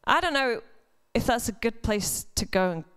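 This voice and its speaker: Woman preaching in a smooth, higher voice. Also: very animated, normal speed, fairly bright tone. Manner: chatty, self-deprecating humor with asides. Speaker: church speaker. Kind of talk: conversational sermon. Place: church service before a congregation.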